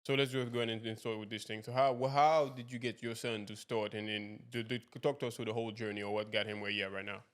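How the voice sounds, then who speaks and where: Fast-talking, rambling podcast host. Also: male voice, on the low side, level tone, smooth. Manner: rambling, repeats and restarts his questions. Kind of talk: casual interview.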